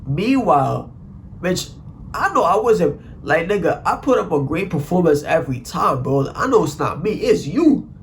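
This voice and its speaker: A young man telling a profane, animated story in a casual vlog, full of "like" and "bro.". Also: on the high side, normal speed, slight background noise. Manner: animated, profane, slang-heavy, constant "like" and "bro".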